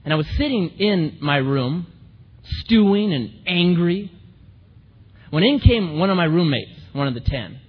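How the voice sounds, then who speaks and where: A man preaching a sermon, telling humorous stories in an animated way. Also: fairly high pitch, measured pace, husky, lo-fi sound. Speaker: pastor. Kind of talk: sermon storytelling.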